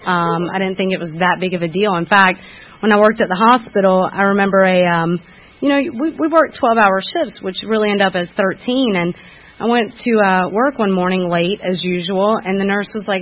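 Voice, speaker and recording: A woman's voice: mid-range voice, brisk. A woman giving a candid personal recovery testimony at a meeting, frank and self-critical, often restarting with fillers. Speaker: speaker sharing at a recovery meeting. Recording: dull lo-fi recording.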